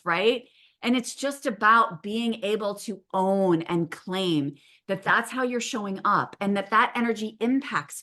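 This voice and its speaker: A middle-aged woman hosts a relaxed podcast conversation. Her voice is bright and forward. She tells stories with animation and swears casually. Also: a little high. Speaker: podcast host.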